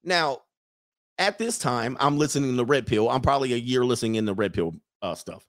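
A man's voice: medium pitch, lively intonation, brisk, no echo, studio quality. A man telling a story from his dating life in a casual, conversational way, often checking in with "right?". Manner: conversational, tags lines with "right?".

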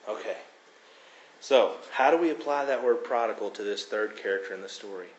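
A man preaching a sermon, expounding on scripture with expressive emphasis and dramatic quotes. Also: fairly low pitch, fairly quick, a little hiss or hum. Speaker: pastor. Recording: echoey room.

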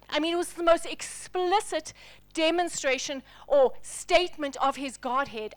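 Her voice sits high and keeps a measured pace as she preaches to a congregation. She tells Bible stories dramatically, dropping to a near whisper at the key moments.

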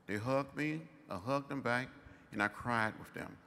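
An older man giving a commencement address in measured, rhythmic oratory with long pauses. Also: medium pitch, vocal fry, sharp tone, in a large hall. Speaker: commencement speaker. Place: large outdoor ceremony.

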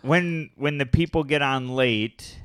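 A man's voice: medium pitch, slow, a bit bright, clean tone. A man co-hosting a casual podcast, giving practical advice and teasing his co-host. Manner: offers practical tips, teasing asides. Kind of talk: casual chat.

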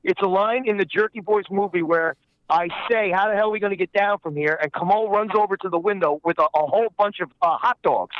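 A man with a high voice tells a profane story, looping back over his own phrases and cursing as he goes. The sound is dry and a bit dull, as if it were slightly muffled. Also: no room sound. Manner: rambling, repeats himself, lots of swearing. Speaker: guest voice actor. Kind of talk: profane anecdote telling.

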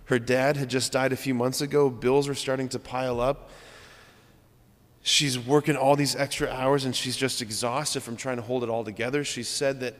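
A man's voice: mid-range voice, flat delivery, normal speed, big-room sound. A man in his thirties, a priest giving an earnest, conversational homily and asking rhetorical questions. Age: 30s. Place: church.

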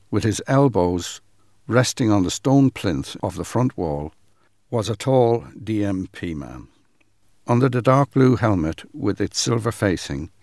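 A man giving a measured, dramatic reading of a first-person account. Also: fairly low pitch, darkish tone, no room sound, studio quality.

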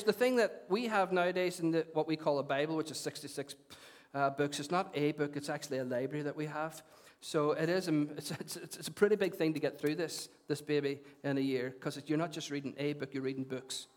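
A man with a Northern Irish accent preaching a conversational, animated sermon in a church, often repeating his phrases. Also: fairly high pitch, brisk, few pauses. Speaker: pastor.

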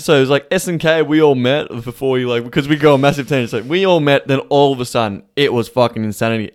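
A man hosting a podcast, talking casually, blunt and heavily profane, animated when telling stories. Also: mid-range voice, smooth. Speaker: podcast host. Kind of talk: casual conversation.

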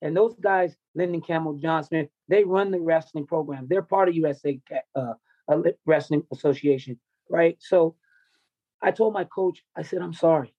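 A man's voice: a little high, moderate pace, warm tone, no echo, muffled recording. A man who coaches wrestling tells a raw personal story in an interview, intense, confessional and full of swearing.

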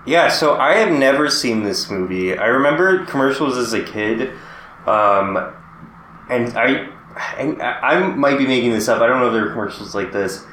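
A man co-hosting a podcast in loose, casual chat. His mid-pitched voice rings with a noticeable room echo. He talks in an easygoing, unhurried way. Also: fairly bright tone, a little hiss or hum. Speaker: podcast co-host.

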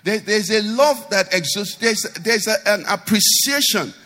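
A man's voice: high voice, measured pace, a bit bright, big-room sound, faint music behind. A man pastor, preaching a sermon animatedly and asking the congregation rhetorical questions.

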